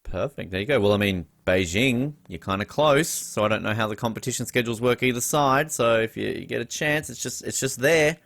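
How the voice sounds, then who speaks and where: A man's voice: medium pitch, a little fast, gravelly, few pauses, a bit bright. A man hosting a casual podcast interview in a chatty, upbeat way. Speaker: podcast host.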